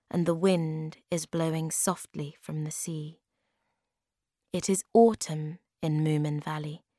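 A woman narrating a graded reader story in a clear, careful storytelling manner. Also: sits low, warm tone, no room sound, studio quality.

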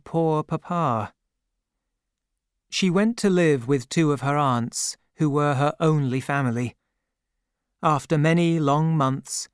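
Slow, clear male storybook narrator. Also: fairly high pitch, no echo, clean studio sound. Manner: slow, careful reading with mild character voicing. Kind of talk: scripted audiobook narration.

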